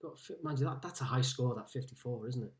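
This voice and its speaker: A man's voice: medium pitch, quick pace. A man from Liverpool hosting a casual live-streamed pub quiz from home, chatting and greeting players by name as he reads out their scores. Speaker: quiz host.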